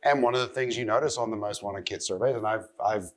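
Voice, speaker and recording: Man, magazine editor, seminar talk, low voice, measured and explanatory. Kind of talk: live seminar talk to an audience. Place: convention seminar room.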